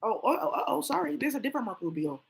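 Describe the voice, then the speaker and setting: A woman's voice: sits high, quick pace, gravelly. Blunt, profane woman ranting casually. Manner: blunt, profane, animated, talks to herself. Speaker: tarot livestream host.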